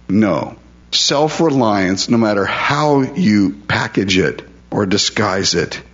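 A male pastor with a lowish voice delivers a conversational sermon, captured on dull-sounding audio. He puts questions to his listeners and confesses his own struggles.

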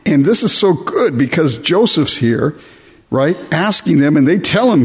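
A male preacher with a somewhat high, husky voice delivers a sermon. He works through scripture and keeps asking his listeners rhetorical questions. The recording is dull and lo-fi. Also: big pitch swings, a little slow.

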